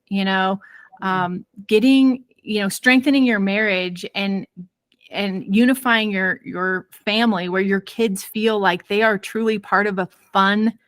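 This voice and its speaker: A woman parenting expert telling a personal story in an interview, lively and acting out quoted voices. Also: mid-range voice, no echo. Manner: many fillers and restarts.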